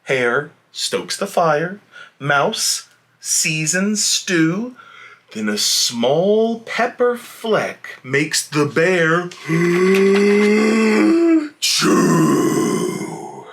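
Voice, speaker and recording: A man reading a children's picture book aloud in a playful, animated way, giving the animals little voices, then chatting casually to young viewers. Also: fairly high pitch, very slow. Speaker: children's story reader.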